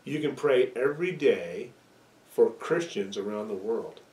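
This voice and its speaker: Man, pastor delivering an earnest storytelling sermon, mid-pitched, a bit off-mic in a roomy space. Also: expressive, unhurried, darkish tone, far from the mic. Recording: echoey room, away from the mic.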